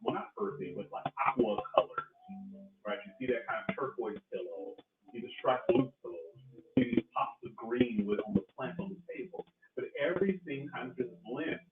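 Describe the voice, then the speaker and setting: Man, casual livestream host, relaxed rambling talk, echoey room, heard from far off. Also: medium pitch, normal speed, gravelly, over music. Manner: relaxed, rambling, keeps adding "right?". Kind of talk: casual livestream commentary while eating. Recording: echoey, distant, phone-like with loud noise.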